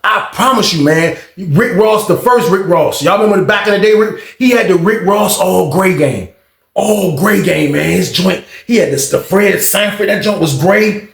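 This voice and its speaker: A man telling a story in a casual, animated, slangy way, often calling out to his listeners. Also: high voice, normal speed, vocal fry. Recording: roomy echo.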